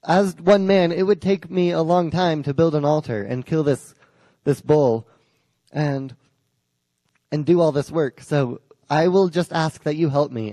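A man's voice: a little high, a little mellow, no echo, close to an everyday voice, low-quality recording. A man voicing a blunt, confrontational male prophet in his own voice, with plain modern phrasing and stumbling restarts.

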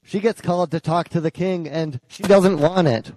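A man's voice: sits high, normal speed, warm tone, in a large hall, slight background noise, rough recording. A young man reading scripture aloud, then preaching by retelling the story in a casual, conversational way.

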